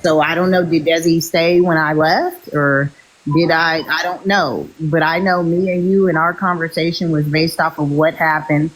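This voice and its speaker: Woman with a very low voice, insistent and explaining. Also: steady tone, normal speed, poor audio. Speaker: livestream participant. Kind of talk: heated livestream argument.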